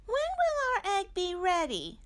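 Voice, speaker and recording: A woman voicing an excitable young boy owl chick with high-pitched, squealing protests. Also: measured pace, full character voice. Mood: excited.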